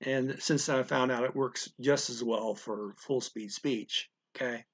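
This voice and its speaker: Gravelly man explaining a language lesson. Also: mid-range voice, steady tone, a little slow. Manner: explains step by step, often checks with "okay?" and "right?". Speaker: language teacher. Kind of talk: casual spoken language lesson.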